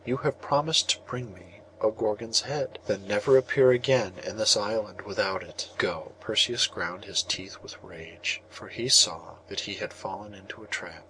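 A man reading an old storybook aloud in a measured, expressive way. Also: low voice, slight background noise, rough recording. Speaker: audiobook narrator. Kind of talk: storybook narration.

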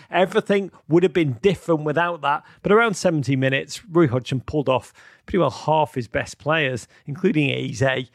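A man hosting a live-streamed football chat, excitable and theatrical, swinging from outbursts to mock gloom with many ums. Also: fairly high pitch, normal speed, dry recording, studio quality. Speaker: host.

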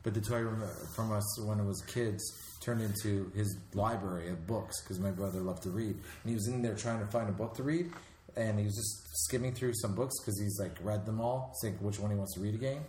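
A man's voice: fairly low pitch, a little fast. Man telling a story in an echoey room. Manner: swears, animated retelling with laughs. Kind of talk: casual chat, storytelling. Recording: echoey room with faint noise.

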